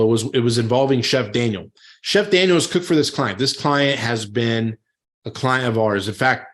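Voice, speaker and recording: A man, a chef and business coach, giving a motivational talk to other chefs, retelling conversations in lively storytelling. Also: medium pitch. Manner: storytelling, animated retelling of dialogue; many fillers and restarts.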